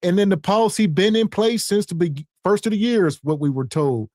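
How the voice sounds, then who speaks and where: A man's voice: high-pitched, brisk, darkish tone, no room sound, clean studio sound. A man hosting a podcast in a casual, laid-back way, sounding exasperated as he reacts to clips. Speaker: podcast host. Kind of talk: casual commentary.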